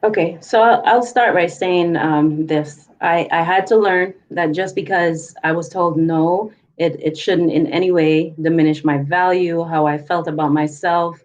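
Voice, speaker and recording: A woman author and poet, a guest telling her own story calmly and reflectively. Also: lowish voice, muffled recording. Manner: calm and reflective, measured. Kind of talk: interview, personal story.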